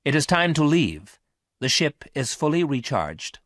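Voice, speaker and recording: A man voicing a calm, formal robot. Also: a little high, unhurried, no echo, clean studio sound, voice pushed up. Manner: flat, formal and precise. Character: calm male robot ship computer.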